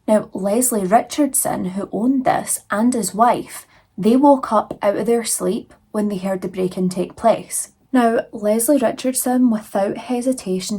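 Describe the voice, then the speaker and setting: Young woman chatting through a true crime case, a bit breathy, lots of likes and you knows. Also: mid-range voice, a little mellow. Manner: chatty, conversational, many fillers. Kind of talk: casual true crime retelling.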